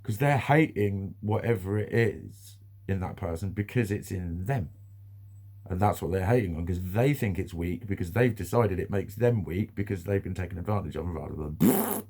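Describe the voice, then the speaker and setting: A man's voice: low-pitched, moderate pace, a little mellow, slightly rough. A British man ranting bluntly in a casual vlog monologue, swearing freely, repeating himself and laughing now and then. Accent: British English. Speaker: vlogger.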